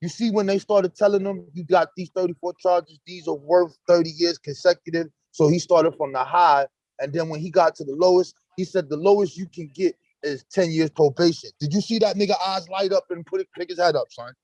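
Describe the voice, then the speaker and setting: Male stream host, high voice, animated profane street storyteller, dry close mic. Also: brisk, few pauses, dry recording, poor audio. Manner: animated, profane street talk, acts out courtroom exchanges. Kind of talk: casual live-stream chat.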